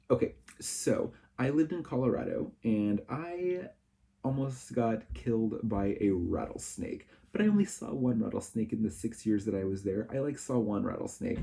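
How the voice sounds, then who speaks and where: A man's voice: mid-range voice, creaky, dark tone. A man in his thirties chatting casually and rambling, jittery from coffee. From Nebraska. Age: 30s. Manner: rambling and chatty, with lots of fillers. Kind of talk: casual vlog chat.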